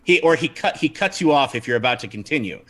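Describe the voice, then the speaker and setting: Bright-voiced man running a game. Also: medium pitch, fast talker. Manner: lively, laughing, many restarts. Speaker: game master. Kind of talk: narrating a tabletop game livestream.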